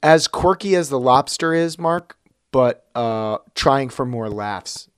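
A man at a mid pitch chats casually as a podcast co-host. He runs the segment clock in a relaxed, easy way. His voice is close and dry, with no room sound around it. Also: takes it slowly, smooth, dry recording.

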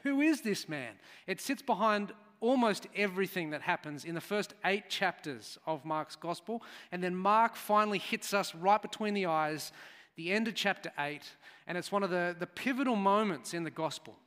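A man's voice: sits high, moderate pace, a bit bright. A man preaching a sermon, chatty and storytelling, with asides to the congregation. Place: church hall. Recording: church hall reverb.

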